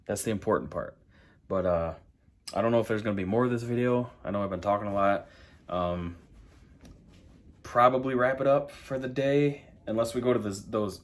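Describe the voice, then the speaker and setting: A man vlogging from home, telling a long casual story, rambling and full of "I'm like" and "you know". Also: fairly low pitch. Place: home, dogs in the background.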